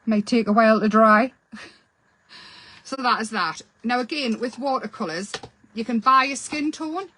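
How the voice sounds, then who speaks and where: Woman, casual tutorial, chatty, self-deprecating, higher pitch. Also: normal speed, sharp tone, rough recording. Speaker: craft channel host.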